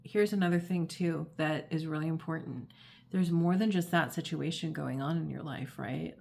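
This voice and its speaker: A woman's voice: low voice, moderate pace, creaky, darkish tone, slight background noise. A woman hosting an astrology and tarot channel, explaining in a casual, chatty way, full of fillers and acted-out quotes. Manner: chatty, many fillers, acts out quoted voices. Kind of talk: casual explanatory talk to camera.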